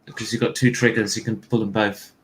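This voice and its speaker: A man's voice: on the low side, little pitch movement, fast. Matter-of-fact man, faint noise. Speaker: player. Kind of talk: casual chat over a tabletop game.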